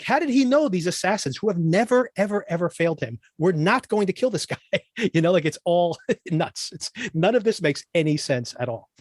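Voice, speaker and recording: A man's voice: a little high, dry recording. A man hosting a podcast, giving a casual, sarcastic review of a TV show with exasperated asides and bursts of laughter. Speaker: podcast host.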